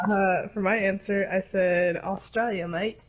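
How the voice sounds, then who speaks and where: Slow-talking giggly woman on a podcast. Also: mid-range voice, background noise. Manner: giggly, joking. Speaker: podcast guest. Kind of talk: casual chat.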